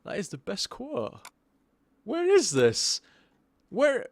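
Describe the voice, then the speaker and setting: A man's voice: high-pitched, wildly swooping pitch, takes it slowly, no room sound, studio quality. A drunk young man streaming a game live, rambling, swearing and stammering over his own words.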